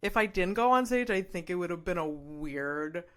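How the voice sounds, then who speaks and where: A woman's voice: on the low side, lively intonation, normal speed, a bit bright. A woman hosting a podcast in casual chat, talking loosely with fillers and self-corrections. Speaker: podcast host.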